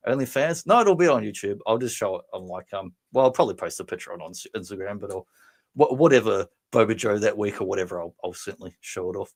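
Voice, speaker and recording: Rambling low-voiced man chatting on stream. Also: lively intonation, quick pace, a little mellow. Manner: rambling, chatty, swears freely, laughs often. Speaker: livestream host. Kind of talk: casual livestream chat.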